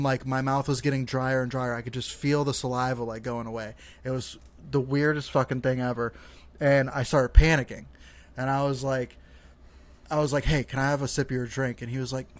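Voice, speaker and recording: A young man co-hosting a casual podcast, telling a rambling story full of "like" and cursing. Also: mid-range voice. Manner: rambling storyteller, swears freely, many fillers like "like". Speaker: podcast co-host.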